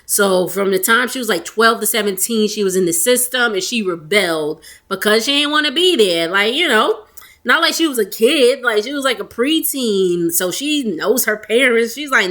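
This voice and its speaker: A woman's voice: a little high, lively intonation, a little slow, fairly bright tone. A young woman with a Southern Texas accent, casually recapping a reality show episode in a gossipy way, laughing often and using Southern slang.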